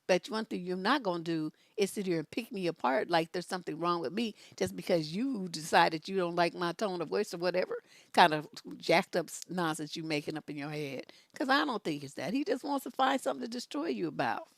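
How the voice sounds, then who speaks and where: A woman's voice: on the low side, lively intonation, a little fast, creaky, dry recording. A middle-aged woman hosting a live relationship advice show, talking bluntly and with sass, with lots of emphatic repetition. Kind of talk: live-stream advice talk, reading viewer questions.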